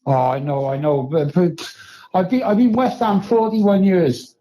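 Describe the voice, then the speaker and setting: Nervous male caller, high pitch, halting rambling delivery. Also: animated, mellow, low-quality recording. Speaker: phone-in caller. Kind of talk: casual chat.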